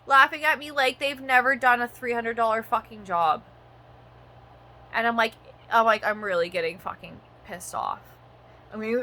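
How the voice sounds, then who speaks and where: Her voice a little high with a sharp edge, a thirty-something woman from Canada vents in a vlog, cursing frequently and wandering off track with plenty of "like"s. There's slight background noise.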